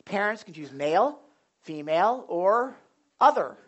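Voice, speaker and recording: A young man preaching a sermon as a pastor in a blunt, animated storytelling way, swinging from loud outbursts to quiet asides. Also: high voice, unhurried, highs cut off. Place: church sanctuary.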